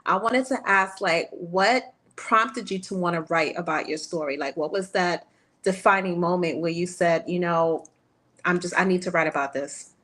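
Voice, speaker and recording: Encouraging woman interviewer, lower voice. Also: moderate pace, fairly bright tone. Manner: affirming, encouraging questions. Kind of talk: casual interview chat.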